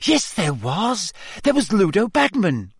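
A clever, stubborn teenage witch who argues her point hotly, as a male reader puts her on. The voice sits high and moves a lot. The storybook reading sounds dry and close. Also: huge pitch swings, a little slow, slightly rough, dry recording, heavily acted. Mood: heated. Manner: heated and stubborn.

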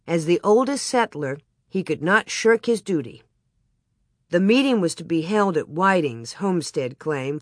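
A woman reading a storybook aloud in a measured, expressive storytelling manner. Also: on the low side, no echo, clean studio sound. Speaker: audiobook narrator. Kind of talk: scripted storybook narration.

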